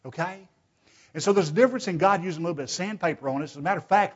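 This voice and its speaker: Racing along in a high voice, a man preaches a church sermon, emphatic and full of rhetorical questions directed at his brethren. He shifts from loud urging to hushed pleading, and the recording is dull and lo-fi.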